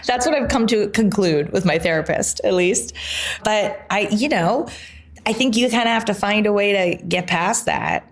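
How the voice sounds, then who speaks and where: A woman guest on an interview podcast, telling her story in a casual, animated way and laughing often. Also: medium pitch, normal speed.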